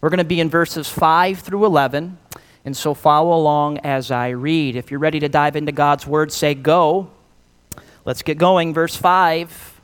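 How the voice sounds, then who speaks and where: Slow, clear-voiced preaching man. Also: on the high side, steady tone, a bit bright. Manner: earnest, drawn-out emphasis on key words; fillers between phrases. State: slightly out of breath. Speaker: pastor. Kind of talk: Easter sermon with scripture reading.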